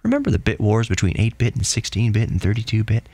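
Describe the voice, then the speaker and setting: A young adult man hosts his own podcast, reading hardware specs aloud and breaking off into jokey, excitable asides. His voice sits on the low side and he stumbles and corrects himself as he goes. The sound is close and dry, with no room around it. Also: normal speed, no room sound. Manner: gentle sign-off encouragement. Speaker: podcast host.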